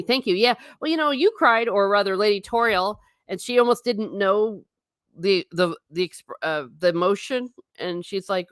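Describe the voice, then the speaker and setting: A woman's voice: medium pitch, moderate pace, smooth, no echo, studio quality. A woman from the United States hosting a casual livestream, chatting and rambling, reading viewer comments aloud and laughing often. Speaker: livestream host reading chat.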